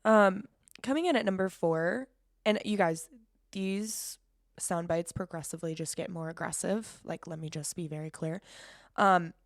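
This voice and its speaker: Young woman, podcast host, casual rambling chat, frequent cursing, lowish voice, dry close sound. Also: dry recording. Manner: rambling, cursing, quick laughs.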